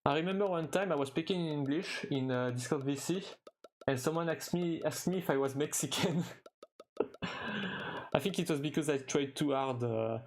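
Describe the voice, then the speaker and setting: A man's voice: on the high side, a little hiss or hum. A young man from France with a French accent, chatting casually with his viewers while he plays a game, often restarting his sentences and stumbling over fillers. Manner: halting, with frequent restarts and fillers, chuckling now and then. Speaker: streamer. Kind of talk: casual live-stream chat while gaming.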